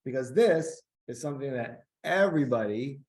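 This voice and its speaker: A man's voice: mid-range voice, expressive, normal speed, darkish tone. A man co-hosting a podcast, chatting casually in an upbeat way with lots of filler words. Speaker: podcast co-host. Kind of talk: casual chat.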